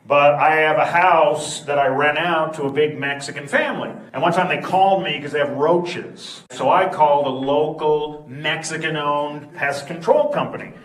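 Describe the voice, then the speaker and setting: A man's voice: a little high, fairly bright tone, recorded from a distance. A man doing stand-up comedy with blunt, teasing crowd work on a club stage. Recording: roomy club sound, faint noise.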